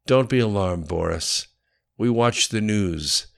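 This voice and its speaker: A man reading the part of a casual, quietly menacing tattooed man in an audiobook. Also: on the low side, slow. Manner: casual, smooth.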